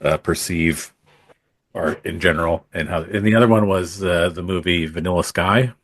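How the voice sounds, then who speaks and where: A man's voice: low-pitched, normal speed, fairly bright tone, dry recording. A man who is a podcast guest, telling stories from his acting days in casual talk, rambling with many fillers and restarts. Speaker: podcast guest, photographer and former actor. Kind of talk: casual storytelling in conversation.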